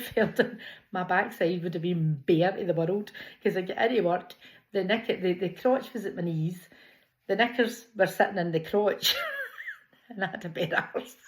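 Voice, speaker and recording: A middle-aged Scottish woman with a broad Glasgow accent, talking straight to camera in a relaxed, chatty vlog. Her voice sits low for a woman, and she tells her stories with easy laughter. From Scotland. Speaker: vlogger. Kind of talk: casual personal vlog.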